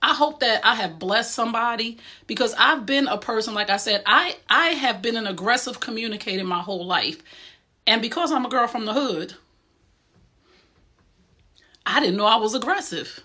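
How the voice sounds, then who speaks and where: Bright-voiced New woman, emphatic. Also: on the high side, expressive, a little fast. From Essex County, New Jersey. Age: middle-aged. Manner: direct and emphatic, streetwise. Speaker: host. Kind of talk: motivational talk.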